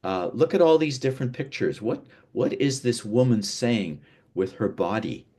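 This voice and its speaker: A man's voice: medium pitch, expressive, moderate pace, darkish tone, slightly rough. A man from North America teaching an online lesson on speaking and presentation, with frequent restarts and emphatic demonstrations while seated indoors. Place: seated indoors, away from a window.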